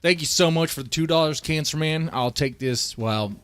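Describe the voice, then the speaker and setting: A man's voice: on the high side, moderate pace, fairly bright tone, clear, resonant tone, no room sound. A man in his thirties live-streaming, chatting loosely and joking in an exaggerated put-on Southern drawl. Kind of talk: casual live-stream chat.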